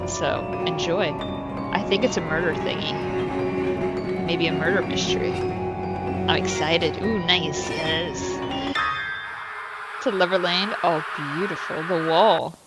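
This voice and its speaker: A woman's voice: fairly low pitch, unhurried, long pauses, music in the background, low-quality recording. A woman streaming a new game, chatting with her viewers, giggling often and swearing freely. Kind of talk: casual live-stream commentary.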